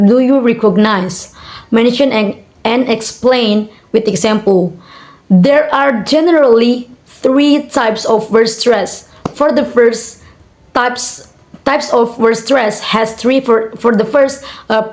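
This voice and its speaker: A young Indonesian woman with a slightly high voice reads her coursework answers aloud at an unhurried pace. She hesitates with frequent fillers and says each example word several times over. Her English has an Indonesian accent. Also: a little mellow. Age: young adult. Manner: hesitant, many fillers, repeats example words slowly. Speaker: student. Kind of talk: reading out assignment answers.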